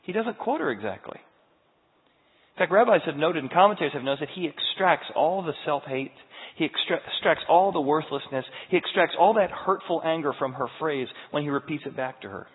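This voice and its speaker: A man preaching a sermon as pastor, moving between loud emphatic peaks and hushed, tender passages. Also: fairly high pitch, expressive, normal speed, slightly rough. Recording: tinny, echoey church hall recording.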